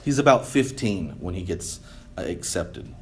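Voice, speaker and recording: A man's voice: deep voice, sing-song, normal speed, darkish tone, a little hiss or hum. Rambling man lecturing on history. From United States. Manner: rambling, many ums and restarts, asks "right?". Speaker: history teacher. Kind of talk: casual lecture.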